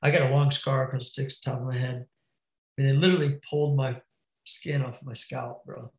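A man's voice: mid-range voice, steady tone, brisk, darkish tone, echoey room, low-quality recording. A man telling a wild crash story in casual, profane slang, calling the listener bro and dude. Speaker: podcast guest, BMX rider.

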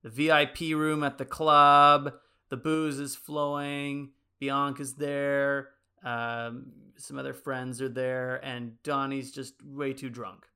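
Bright, smooth-voiced man rambling through a pitch. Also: level tone, takes it slowly. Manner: rambling storytelling full of likes and ums. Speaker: podcast co-host pitching a movie sequel. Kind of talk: casual chat.

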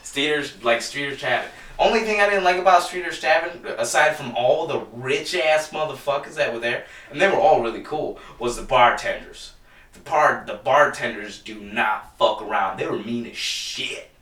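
Casual podcast guy, bright forceful voice, swears a lot, rambles, set back from the mic. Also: medium pitch, normal speed, echoey room, far from the mic. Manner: rambling, profane storytelling with lots of "dude". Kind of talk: casual chat.

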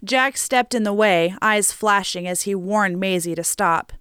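A woman reading a story aloud as an audiobook narrator, steady and measured, on a close mic. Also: medium pitch, clean tone, no echo.

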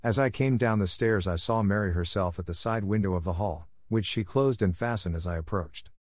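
A man reading a classic detective story aloud in the first person, with a measured, dramatic delivery and emphatic outbursts. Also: on the low side, darkish tone, dry recording. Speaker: audiobook narrator. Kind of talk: scripted first-person narration.

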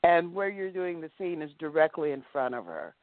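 Woman telling lively stories over a phone line. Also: low voice, moderate pace, no echo. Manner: animated storyteller acting out quotes. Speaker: guest actress. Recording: dry, tinny phone-like line.

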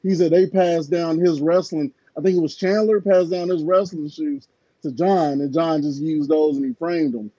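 A man with a high yet very dark, mellow voice talks sports casually as a podcast co-host. He rambles through stories with lots of filler words. The sound is dry and a little dull, as if from a basic home mic. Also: steady tone, normal speed, breathy edge, no echo.

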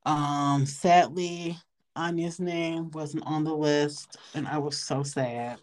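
Young woman on a podcast, low voice, slow and chill, lots of slang. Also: fairly even intonation, darkish tone. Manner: laid-back, slangy, swears casually. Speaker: podcast co-host. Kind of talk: casual chat.

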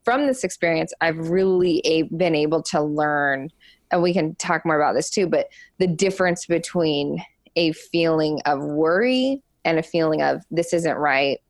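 A young woman speaks as an interview guest, her voice sitting on the lower side with a noticeable gravelly fry. She tells her story frankly and openly, halting often and filling gaps with "like" and "um". The sound is dry and close, with no room echo. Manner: halting, lots of "like" and "um" fillers; frank and open. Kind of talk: candid personal storytelling.

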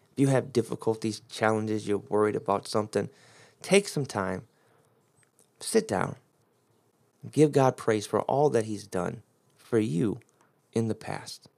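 A man's voice: lowish voice, gravelly, a little mellow. A man preaching a sermon, explaining the Greek grammar of a Bible passage with strong emphasis.

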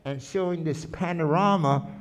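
High-voiced man, animated interview talk. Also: normal speed, slight background noise. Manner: animated, restarts often, quotes people he filmed. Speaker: filmmaker being interviewed. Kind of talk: conversational interview.

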